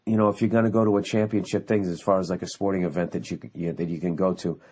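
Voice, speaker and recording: A man's voice: deep voice, level tone, quick pace, darkish tone, breathy edge. A man in his forties hosting his own podcast, telling a story in a heated, profane, ranting way. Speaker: podcast host. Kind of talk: casual solo podcast monologue.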